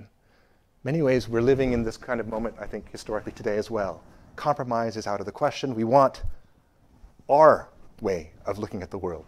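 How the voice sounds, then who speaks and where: A man giving a university history lecture, stressing key phrases loudly and dropping to quiet asides, with frequent fillers and restarts. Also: lowish voice.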